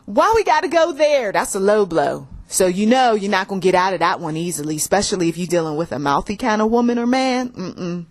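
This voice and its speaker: Female host, conversational and animated, frequent laughter, acts out arguments; faith-based relationship talk. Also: medium pitch, a little fast, few pauses. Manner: laughs often, acts out both sides of arguments in lively voices. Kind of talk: casual spoken commentary with acted quotes.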